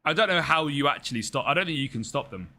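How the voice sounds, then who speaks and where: Fast and expressive, this young man's slightly high voice sounds pushed and bright. He rambles casually on a gaming live stream, replying to viewers by name while he plays.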